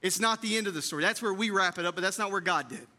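Fervent high-voiced preacher. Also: male voice, rapid-fire. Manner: swings from hushed tender lines to loud, fervent preaching; repeats phrases with emphasis, addresses the congregation as church. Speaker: pastor. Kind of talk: Easter sermon. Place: church sanctuary.

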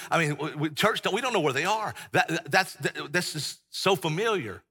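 A middle-aged pastor preaches a sermon in a church sanctuary, folksy and emphatic. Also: male voice, fairly high pitch, normal speed, sharp tone, husky. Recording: long church-hall reverb.

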